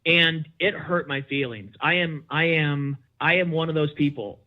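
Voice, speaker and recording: A man talking as a podcast guest, telling a personal story in an animated, emphatic way and acting out the dialogue. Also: fairly high pitch, normal speed. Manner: animated, emphatic, acts out dialogue in his stories. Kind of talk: conversational storytelling. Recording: dull lo-fi sound.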